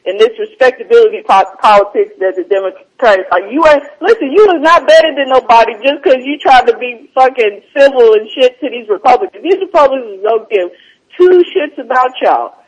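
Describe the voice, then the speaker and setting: A man, hosting a casual comedy show. He speaks high for a man, rambling and animated, with frequent laughter breaking through his talk. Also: fairly quick, slightly rough, poor audio. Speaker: podcast host.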